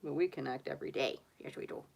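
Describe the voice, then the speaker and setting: A woman's voice: rumbling low, fast, vocal fry, darkish tone. A middle-aged woman, a tarot reader, chatting casually on a stream, gushing and cooing and laughing easily. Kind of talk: casual chat on a live stream.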